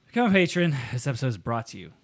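A man's voice: medium pitch, very animated, racing. A man hosting a podcast from a home studio, joking and swearing in casual chat. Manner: joking, swearing, rambling with restarts. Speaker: podcast host.

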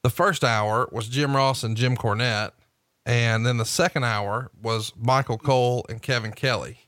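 A man's voice: mid-range voice, fairly even intonation, a little slow, fairly bright tone, no room sound, studio quality. A man hosting a casual podcast chat, recapping events and asking teasing questions. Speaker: podcast host.

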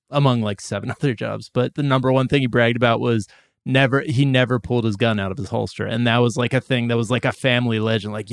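A man's voice: medium pitch, no room sound, studio quality. A man co-hosting a podcast, talking in a rambling, offhand, profane way. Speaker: podcast co-host. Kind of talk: casual chat.

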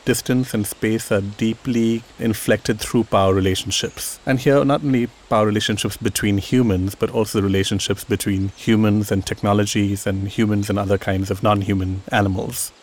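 A man speaking deliberately in conversation, with academic phrasing. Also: fairly low pitch, fairly even intonation. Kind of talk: explanatory conversation. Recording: faint hiss.

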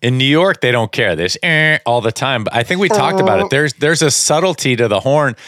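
Male podcast co-host, animated anecdotes, average pitch. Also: brisk, no echo, clean studio sound. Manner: animated storyteller, acts out others with high squeaky voices. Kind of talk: casual chat.

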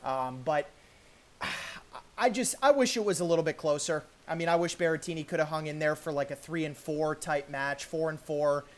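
This deep-voiced woman co-hosts a tennis podcast, speaking at a normal speed. She keeps the sports chat casual and conversational, peppering it with fillers and frequent restarts.

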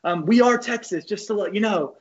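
A man putting on the voice of a gruff, profane older male baseball coach, pitched up high and yelling. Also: brisk, dull audio, close to an everyday voice. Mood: friendly.

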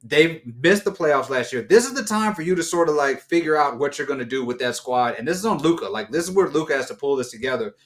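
A man's voice: on the high side, expressive, fast, hardly any pauses. A man co-hosting a casual sports talk show, rambling through his points with restarts and bursts of laughter. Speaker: co-host.

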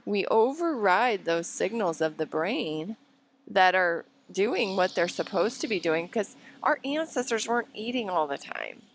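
A woman in her thirties, mother of a four-year-old, talking in a thoughtful, steady way in a casual chat. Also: medium pitch, measured pace, a little hiss or hum.

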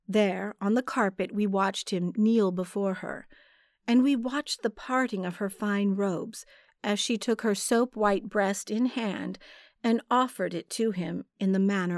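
A woman narrating a dark fantasy story in a measured, dramatic storytelling manner. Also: mid-range voice, no room sound, clean studio sound. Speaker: audiobook narrator. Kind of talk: scripted narration.

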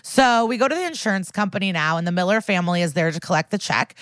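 A woman's voice: on the low side, no room sound. A woman co-hosting a podcast, animatedly recapping a TV episode in casual chat. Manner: animated storyteller, quick recap. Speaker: podcast co-host.

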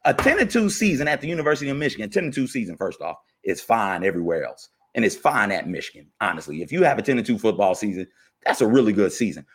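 Fired-up ranting man, husky voice. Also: mid-range voice. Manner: fired-up, repetitive, ranting with slang. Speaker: podcast co-host. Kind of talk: heated sports rant.

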